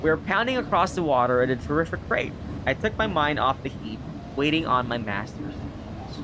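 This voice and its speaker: A man's voice: mid-range voice, lively intonation, brisk, noisy background. A man playing a narrative game, reading its text aloud with stumbles and self-corrections between casual comments. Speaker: gamer.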